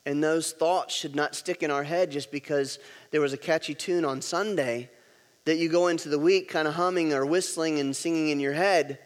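A man's voice: on the high side, fairly even intonation, moderate pace, in a large hall. A pastor preaching a sermon, emphatic and repeating key words, leading his congregation to say lines back.

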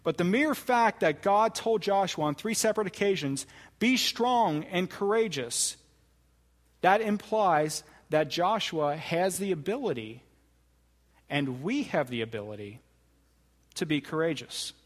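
A man preaching a sermon, with deliberate, emphatic phrasing that slows to stress key words. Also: on the high side, expressive, in a large hall. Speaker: pastor.

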